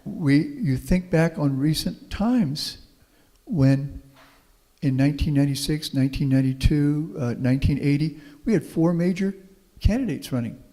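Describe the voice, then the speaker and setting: Man from Houston, middle-aged, mellow dark voice, folksy storytelling talk, long hall reverb. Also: a little high, animated, normal speed. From Houston, Texas. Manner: folksy, anecdotal, optimistic. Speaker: guest speaker, professor. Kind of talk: public talk with Q&A.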